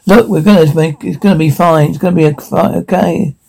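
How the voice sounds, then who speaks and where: A man's voice: fairly high pitch, fairly even intonation, a little fast, gravelly, dark tone, poor audio. A man voicing a frantic, controlling middle-aged mother who barks urgent orders. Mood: frantic, commanding. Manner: urgent, bossy, panicky.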